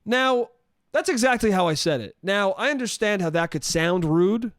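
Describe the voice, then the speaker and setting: A man's voice: high-pitched, expressive, normal speed, no echo, studio quality. A young man hosting a solo comedy podcast, telling a story in a profane, exasperated rant. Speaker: podcast host.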